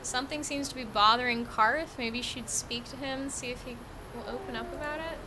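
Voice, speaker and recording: A woman's voice: high-pitched, normal speed, noisy background. A woman streaming a game, chatting casually, swearing freely, and laughing often. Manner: profane, frank, laughs often. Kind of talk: casual gameplay commentary.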